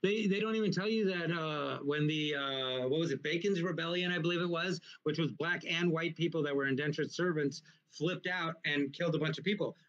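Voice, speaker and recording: A man hosting a casual talk show, explaining points in an animated, lecturing way with frequent restarts. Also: fairly high pitch, a little fast, few pauses, lo-fi sound. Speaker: podcast host. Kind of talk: casual conversation.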